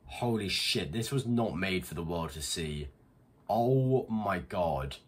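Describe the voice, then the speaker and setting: A man's voice: medium pitch, expressive, moderate pace, slightly rough. A man hosting an unscripted reaction video, talking bluntly with disbelief and swearing freely.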